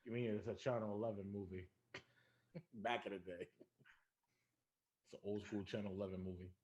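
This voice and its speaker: A man's voice: on the low side, steady tone, normal speed, a little mellow. A man co-hosting a podcast in casual chat, throwing in short, bantering remarks. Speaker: podcast co-host.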